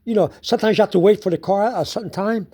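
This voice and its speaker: Someone casually tells the story of a frustrating day, speaking slowly and circling back over the same phrases repeatedly, with frequent bursts of laughter. The voice is mid-range, mellow, and husky.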